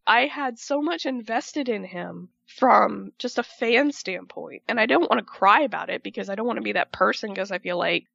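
A woman's voice: a little high, creaky, a bit bright, no echo, muffled recording. A woman delivering an emphatic, profane rant as a wrestling fan, repeating herself for emphasis in casual commentary.

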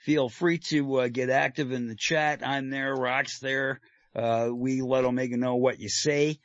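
A man's voice: mid-range voice, steady tone, measured pace, dry recording, muffled recording. A man co-hosting a casual online talk radio show, loose and joking with lots of fillers. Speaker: co-host. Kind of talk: casual podcast chat.

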